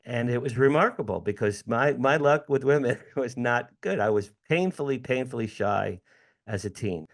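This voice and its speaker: A man in his sixties from the United States, an interview guest telling a personal story with lively acted-out dialogue and frequent laughs. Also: mid-range voice, moderate pace. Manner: animated storyteller, acts out dialogue, laughs often.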